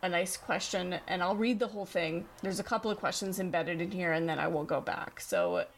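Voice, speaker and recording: A woman's voice: on the low side, expressive, brisk, vocal fry, a little hiss or hum. Woman podcast host, earnest and story-driven, answering listener questions on her own. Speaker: podcast host and dog trainer. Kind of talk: solo podcast monologue.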